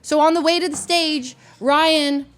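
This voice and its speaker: Animated woman telling a story on stream. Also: sits high. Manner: animated, fast, laughing, many restarts.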